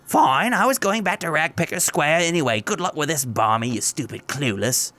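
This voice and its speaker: A man's voice: on the high side, lively intonation, moderate pace, sharp tone, voice pushed up. A man voicing a shifty, pushy woman tout in a tabletop game, with a wheedling way of talking. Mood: irritated.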